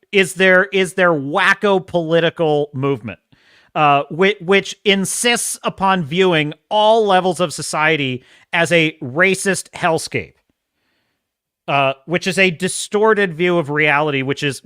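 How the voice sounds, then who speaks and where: A man's voice: sits high, sharp tone, clear, resonant tone, no echo, studio quality. Exasperated ranting male podcast host. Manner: sarcastic, exasperated, laughing often. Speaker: podcast host reacting to clips. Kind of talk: ranting commentary on clips.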